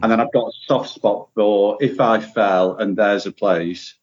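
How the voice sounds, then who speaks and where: A man with a lowish voice talks as a podcast guest, relaxed and opinionated, warming up with enthusiasm about what he loves. The sound is muffled and lo-fi. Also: measured pace. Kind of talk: casual podcast conversation. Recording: dull lo-fi audio.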